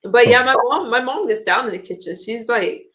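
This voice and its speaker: A chatty woman hosting a live stream, her voice sitting fairly high. She rambles through casual talk and laughs easily. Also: expressive, normal speed, fairly bright tone. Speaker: streamer host.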